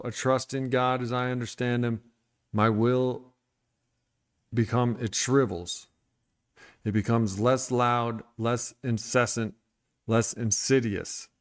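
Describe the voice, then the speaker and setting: A man speaks straight to his stream audience in an irritated, venting mood, blunt and sometimes profane. His voice is smooth and resonant, sitting at an ordinary middle pitch. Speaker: recovery streamer. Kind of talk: candid livestream monologue.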